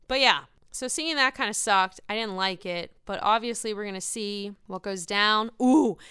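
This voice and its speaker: A woman giving a casual, profane, animated solo recap of a reality show, gossiping with lots of emphasis. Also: mid-range voice, smooth, dry recording, clean studio sound.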